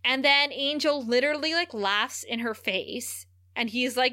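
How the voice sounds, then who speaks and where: A woman co-hosting a casual podcast, recapping a TV episode in an animated way and acting out the characters' lines. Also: on the high side, normal speed, hardly any pauses, dry recording, clean studio sound. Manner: animated retelling, acting out quoted lines, frequent laughs.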